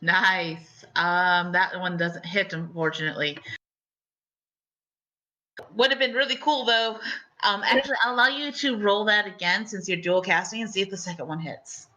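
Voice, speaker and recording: A woman's voice: mid-range voice, moderate pace, bright, forceful tone, poor audio. A woman running a tabletop game as game master, chatty and giggly, with lots of fillers.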